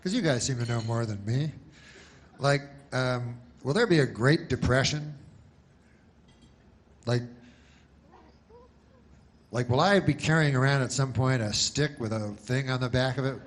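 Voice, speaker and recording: A man doing a stand-up comedy set, deadpan and rambling, with many asides and put-on voices. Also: mid-range voice, unhurried, pauses often. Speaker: stand-up comic.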